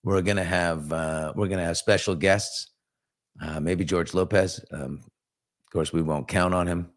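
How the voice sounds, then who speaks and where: A man's voice: sits low, steady tone, a little slow. A man hosting a casual live morning chat, reading out viewer comments and rambling through stories with many fillers and restarts. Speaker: talk show host.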